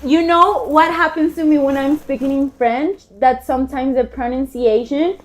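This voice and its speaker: A teenage girl co-hosting a school festival interview, eager and excitable, repeating her prompts. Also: high voice, moderate pace, background noise. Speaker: student co-host.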